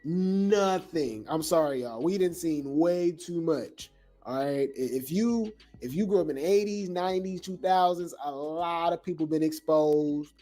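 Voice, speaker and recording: Male live-show host: loose, rambling, chatty with the audience; music playing softly behind. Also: a little high. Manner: rambling, addresses viewers as y'all, halting restarts. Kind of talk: casual commentary to a live audience.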